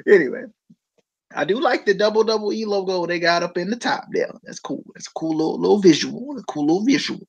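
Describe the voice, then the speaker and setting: Co-host with an animated, swooping voice, playful and joking in loose chat. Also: mid-range voice, moderate pace, creaky, lo-fi sound. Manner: joking, laughs often, lively. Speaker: podcast co-host. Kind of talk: casual chat.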